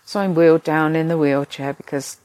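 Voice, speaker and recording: An older woman vlogger with a low, slightly mellow voice tells a chatty, rambling story about her day, often poking fun at herself. She talks fairly quickly with fairly even intonation, on a dry recording.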